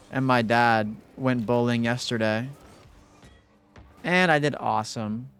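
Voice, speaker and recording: A young man streaming live, chatting casually with his viewers in a relaxed, rambling way, full of fillers. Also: mid-range voice, clear, resonant tone. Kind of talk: casual livestream chat with viewers.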